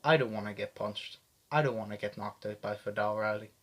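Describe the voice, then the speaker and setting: A man's voice: fairly low pitch, fairly quick. Fired-up guy ranting, swearing freely. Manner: animated, heavy swearing, fired up. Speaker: vlogger reacting to press conferences. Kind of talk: casual reaction commentary.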